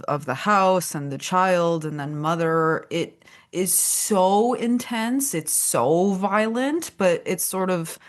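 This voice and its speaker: A woman's voice: sits low, dry recording, studio quality. A woman hosting a podcast, talking in an earnest, reflective way and asking her guest open questions. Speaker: podcast host. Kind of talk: conversational podcast discussion.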